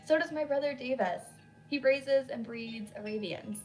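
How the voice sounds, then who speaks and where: A woman's voice: high voice, normal speed, a little mellow, voice pushed up, lightly acted, poor audio. A woman voicing a flustered, chatty nurse in her thirties who gushes apologetically, with faint music behind. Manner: gushing, apologetic, nervous laughs.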